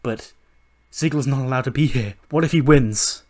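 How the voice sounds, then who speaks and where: A man voicing a demanding male wrestler who complains in loud, indignant outbursts. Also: medium pitch, moderate pace, close to an everyday voice.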